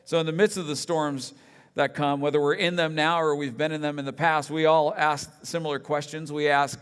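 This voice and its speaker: A man's voice: a little high, little pitch movement, brisk, fairly bright tone, clear, resonant tone. A middle-aged man, a pastor, preaching a conversational sermon with humorous personal stories. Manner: storytelling, self-deprecating humor, conversational. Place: church sanctuary. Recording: large hall with long reverb.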